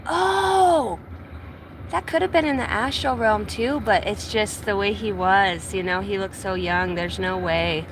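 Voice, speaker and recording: A woman's voice: mid-range voice, normal speed, few pauses, slight background noise, poor audio. A woman hosting a casual morning livestream outdoors by a truck, chatting loosely and with profanity while she greets viewers by name. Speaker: livestream host. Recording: music playing in the background.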